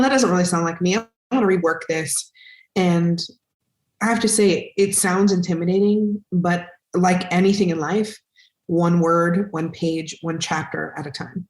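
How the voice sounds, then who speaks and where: A woman's voice: on the low side, reverberant. A woman in her forties, a guest on a podcast, telling stories in casual, emotional talk and acting out the quotes. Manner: emotional, animated storytelling with acted-out quotes. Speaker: podcast guest, actress and singer.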